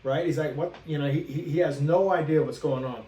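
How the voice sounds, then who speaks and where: A man's voice: a little high, a little fast, warm tone, far from the mic. A man co-hosting a podcast, telling a ghost story in a rambling, casual way and acting out the characters' lines. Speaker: podcast co-host. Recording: roomy echo, away from the mic, faint hiss.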